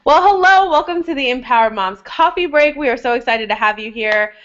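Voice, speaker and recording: A woman's voice: on the high side, fairly quick, fairly bright tone. A woman hosting a casual video chat, chatty and laughing often. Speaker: host. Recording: dull lo-fi webcam audio.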